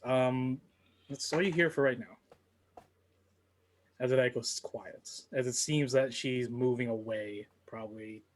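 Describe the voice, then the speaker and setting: A man narrating a tabletop game as game master, with halting, filler-heavy delivery. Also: medium pitch, fairly even intonation.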